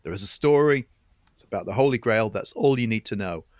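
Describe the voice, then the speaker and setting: A man's voice: on the low side, lively intonation, fairly quick, no room sound, studio quality. A man co-hosting a film podcast, chatting with enthusiasm and often restarting and repeating words as he builds a point. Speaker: podcast co-host. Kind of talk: casual film chat.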